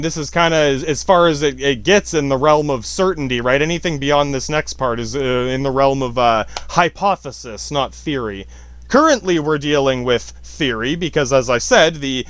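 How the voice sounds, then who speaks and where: High-voiced rambling profane man. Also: smooth, dry recording. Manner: rambling, profane, self-interrupting, laughs often. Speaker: podcast host. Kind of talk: rambling profane monologue on science.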